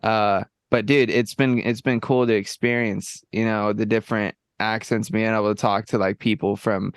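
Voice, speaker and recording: A man co-hosting a podcast in a laid-back, casual chat, high on edibles, peppering his talk with "bro" and "you know what I mean". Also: flat delivery, normal speed, clean tone, dry recording. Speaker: podcast co-host.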